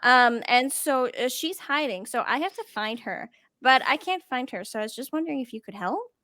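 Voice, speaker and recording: A woman's voice: high-pitched, expressive, moderate pace, bright, forceful tone, no room sound. Woman voicing cheerful ten-year-old halfling boy, polite, dry mic. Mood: friendly. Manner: sweet, polite, eager. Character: young halfling boy, about ten, playful.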